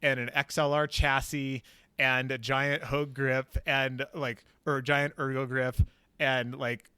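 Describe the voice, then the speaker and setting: A man's voice: medium pitch, flat delivery, unhurried, sharp tone, clear, resonant tone, no room sound. A man hosting a podcast, telling a long story in casual chat, rambling with lots of fillers and casual swearing. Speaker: podcast host.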